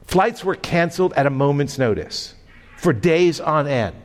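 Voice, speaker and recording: Pastor preaching in a reverberant church hall. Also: male voice, fairly high pitch, measured pace. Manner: animated, stumbles and repeats words while telling the story. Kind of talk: storytelling sermon. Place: church sanctuary. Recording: long reverb of a large hall.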